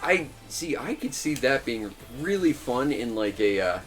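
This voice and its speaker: A man's voice: medium pitch, big pitch swings, a little slow, fairly bright tone, soft background music. A young man hosting a casual gaming video, rambling and laughing often. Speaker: let's play host.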